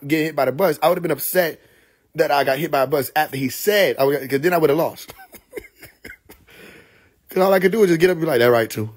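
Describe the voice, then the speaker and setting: Laughing man telling street stories. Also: fairly high pitch. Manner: laughing, profane, animated street storytelling. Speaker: livestream host. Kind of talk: casual storytelling on a live stream.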